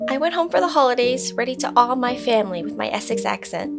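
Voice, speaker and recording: Young Canadian woman, bright high voice, playful put-on Essex accent, light music underneath. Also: animated, quick pace, gravelly. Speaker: vlogger. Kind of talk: casual video diary.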